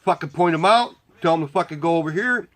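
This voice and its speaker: A man's voice: fairly high pitch, fast, a bit bright, poor audio. A man telling a story in a casual, rambling way, blunt and heavily profane. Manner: rambling with restarts. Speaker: volunteer motorcycle parade marshal.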